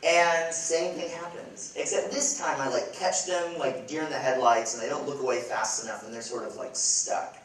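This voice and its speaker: A man's voice: mid-range voice, fairly even intonation, moderate pace, few pauses, fairly bright tone. A man in his thirties from Chicago, a speaker giving a humorous, self-mocking storytelling talk with playful asides to the audience. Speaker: event speaker. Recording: echoey hall, far from the mic.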